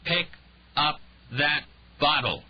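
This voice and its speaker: A man narrator voicing a drunk, raging male detective who snarls and shouts. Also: low voice, very animated, measured pace, muffled recording, a little hiss or hum. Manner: snarling, shouting, slurred rants.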